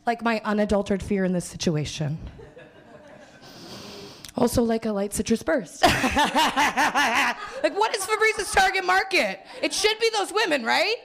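A woman's voice: a little high, animated, measured pace, gravelly, pauses often, a bit bright. A young woman from Winnipeg performing a live stand-up set on a small theater stage, rambling and self-mocking, laughing through her lines. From Canada, Winnipeg. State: hungover. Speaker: stand-up comedian.

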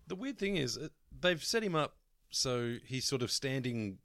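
A man's voice: medium pitch, very animated, moderate pace, a bit bright, no echo. An Australian man co-hosting a podcast, chatting casually with dry wisecracks. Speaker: podcast co-host. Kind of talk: casual chat.

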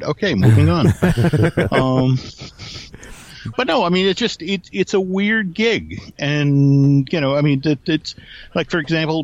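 A man's voice: a little high, dry recording. Male guest storyteller, rambly, many restarts, lo-fi dry line. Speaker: guest Disney expert. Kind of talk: casual podcast storytelling.

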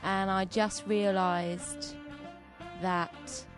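Deadpan young woman guest, music behind. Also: mid-range voice, drawn-out words. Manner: deadpan, cheeky storytelling. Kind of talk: casual comedic chat.

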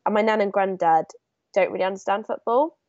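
A woman's voice: medium pitch, a little fast, no echo. A woman co-hosting a podcast, telling stories with enthusiasm. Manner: enthusiastic, animated storytelling. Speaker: podcast co-host. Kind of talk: casual chat. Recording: dry, dull remote line.

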